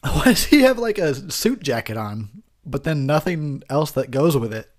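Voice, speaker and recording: A man's voice: a little high, sing-song, normal speed. A man giving a rambling, profane, tipsy commentary over a movie, laughing often.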